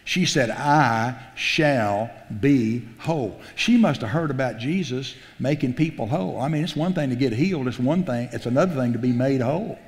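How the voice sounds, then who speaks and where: A pastor preaching a sermon, telling the story in a folksy, animated way, acting out the quotes and often restarting his sentences. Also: medium pitch, fairly quick, few pauses. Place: church sanctuary. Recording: long hall reverb.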